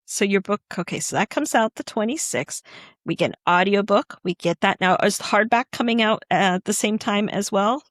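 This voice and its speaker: A woman's voice: mid-range voice, moderate pace, dry recording, studio quality. Chatty American woman podcast host. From United States. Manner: chatty, rambling, apologetic questions. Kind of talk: casual interview chat.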